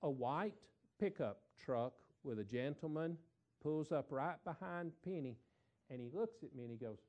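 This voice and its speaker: A middle-aged man, a preacher telling a folksy story in a sermon, repeating words and swelling louder for emphasis. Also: fairly high pitch, expressive, moderate pace, dull audio.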